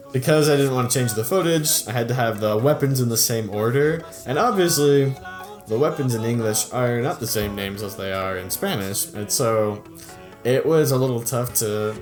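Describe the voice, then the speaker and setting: A young adult man, a YouTube creator, reviews his own old videos in a chatty, upbeat way, laughing often and letting sentences trail off. His medium-pitched voice is expressive and moves at a moderate pace over soft background music.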